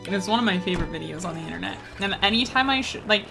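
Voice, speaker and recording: A woman's voice: medium pitch, animated, rapid-fire, vocal fry, over music. A Canadian woman streaming a game, chatting casually in a rambling way with lots of fillers and easy laughs. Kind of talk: casual gaming stream chat.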